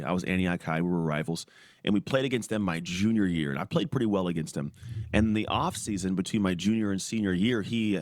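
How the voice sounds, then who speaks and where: A man in his forties tells his story quickly in a low voice, jumping into other people's lines as he acts them out. He laughs easily and keeps the story moving. The sound is dry and close, with no room around it. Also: no room sound. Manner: animated, acts out quoted voices, laughs often. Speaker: podcast guest, former pro football player. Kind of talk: storytelling in casual interview.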